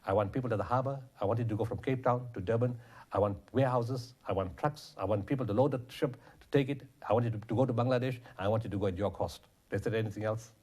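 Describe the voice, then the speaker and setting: A man's voice: on the low side, quick pace, a little mellow. A man, a guest telling stories passionately in an interview. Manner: passionate, quotes others in dialogue. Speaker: guest, charity founder. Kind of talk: interview storytelling.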